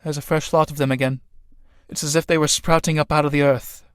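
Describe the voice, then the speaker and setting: A man's voice: fairly high pitch, flat delivery, a little fast, clear, resonant tone, dry recording, studio quality, natural voice. A man voicing an uneasy male scientist who muses aloud in a read-aloud play.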